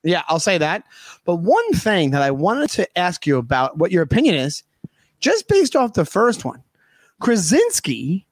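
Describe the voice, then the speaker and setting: A man's voice: high voice, huge pitch swings, measured pace, no echo. A man in casual podcast chat, rambling with fillers and quoting favorite comedy bits. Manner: chatty, fills with "like" and "uh", quotes comedy bits.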